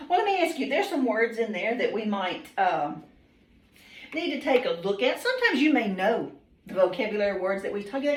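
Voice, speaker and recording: A woman's voice: mid-range voice, big pitch swings, brisk. A woman teacher, patiently questioning students by name in a classroom, with frequent ums. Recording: roomy classroom, mic far off.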